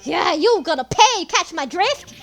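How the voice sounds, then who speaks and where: A woman voicing a gruff, threatening male biker in a put-on New York accent, with loud, streetwise bluster. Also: very high voice, sing-song, measured pace, soft background music, pitched above the performer's own voice, exaggerated voice. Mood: menacing.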